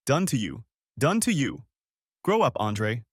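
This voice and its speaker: A man voicing a bitter, angry middle-aged mother who scolds her grown son, slightly raised in pitch. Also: very animated, unhurried, breathy edge, no room sound, studio quality. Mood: angry scolding. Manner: scolding, indignant.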